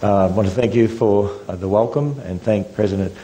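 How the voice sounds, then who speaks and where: A man's voice: fairly low pitch, a little fast, warm tone, rough recording. An older man with an Australian accent, giving a public lecture as guest speaker in a joking, conversational way. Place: university lecture room.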